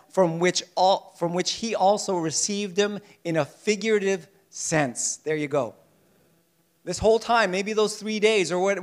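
High-voiced man preaching a sermon. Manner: animated preaching, acts out voices from the story. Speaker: pastor.

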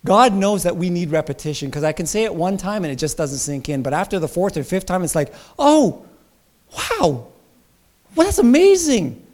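A male pastor preaching a sermon with emphasis, rising to loud, high bursts and dropping to soft asides. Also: fast, few pauses.

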